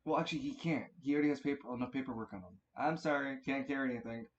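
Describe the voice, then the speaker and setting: A man's voice: medium pitch, racing, muffled recording. A man running a tabletop game as game master, narrating turns casually, swearing freely and often restarting his sentences.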